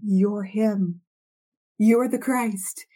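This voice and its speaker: A woman's voice: medium pitch, fairly even intonation, very slow, dark tone, pitched above the performer's own voice. A woman voicing an awestruck male follower, marveling breathlessly at a revelation. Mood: awed.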